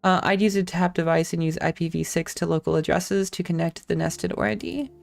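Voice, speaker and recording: Gravelly-voiced woman rambling on a stream. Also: lowish voice, steady tone, fairly quick, faint music behind. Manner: thinks aloud, rambling with self-corrections; swears casually. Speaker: live-stream host. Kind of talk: casual live-stream tech talk.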